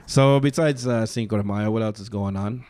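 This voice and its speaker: A man's voice: fairly low pitch, a little mellow. A man co-hosting a casual comedy podcast, teasing his co-host with dry banter.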